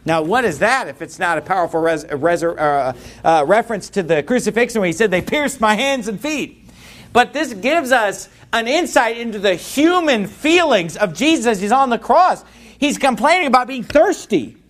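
A man's voice: high-pitched, expressive, moderate pace, fairly bright tone. A man preaching as a pastor, reading scripture aloud and then expounding on it with rising intensity. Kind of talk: sermon.

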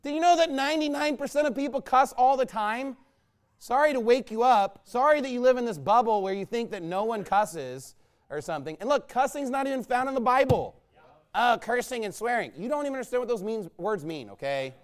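A man preaching a combative, mocking sermon, swinging between low muttering asides and loud outbursts. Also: expressive, a little fast, clean tone. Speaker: pastor. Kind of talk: fiery sermon rant.

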